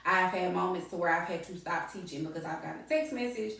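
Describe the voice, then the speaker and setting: A middle-aged woman hosts a podcast in a lowish, gravelly, slightly bright voice, talking fast. She chats casually and animatedly, laughing often and repeating words for emphasis, recorded on a distant mic in an echoey room.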